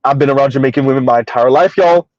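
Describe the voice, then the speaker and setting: A man's voice: medium pitch, fast, darkish tone, no echo, muffled recording. A man hosting a casual livestream commentary, emphatic and rambling, chuckling between points. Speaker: commentary channel host.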